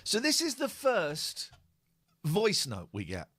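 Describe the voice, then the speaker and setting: A man's voice: high voice, wildly swooping pitch, slow, fairly bright tone. A man hosting a podcast, telling a story in casual chat and reading messages aloud. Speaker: podcast host.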